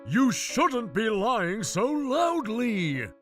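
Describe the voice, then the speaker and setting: Slow-spoken supporting voice. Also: medium pitch, sing-song, a bit bright, soft background music. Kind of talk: acted story lines.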